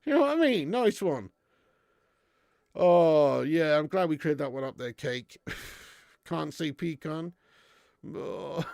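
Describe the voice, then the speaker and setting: High, gravelly, animated man. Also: takes it slowly, long pauses, no room sound, studio quality. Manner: sweary, jokey banter, laughs often. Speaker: live-stream host. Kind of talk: casual live-stream chat reading viewer comments.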